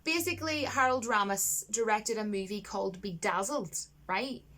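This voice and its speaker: A woman chatting to camera about a film she loves, gushing and animated, laughing often and mimicking lines in a higher voice. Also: moderate pace. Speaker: vlogger reviewing a film. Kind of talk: casual chat to camera.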